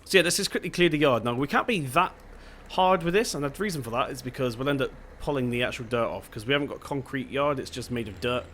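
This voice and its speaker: A man's voice: medium pitch, fast talker, hardly any pauses, a bit bright, a little hiss or hum. A young man with a Devon accent, chatting casually and thinking aloud while he plays a farming game. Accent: Devon English. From England (Devon). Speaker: gaming channel host. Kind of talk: casual gameplay commentary.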